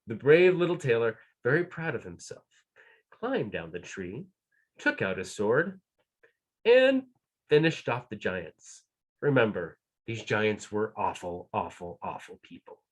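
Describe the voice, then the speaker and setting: A man telling a folk tale at a live storytelling event, playful and animated, dropping to a hush and rising again. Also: medium pitch, husky. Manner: animated, playful, shifts between hushed and loud.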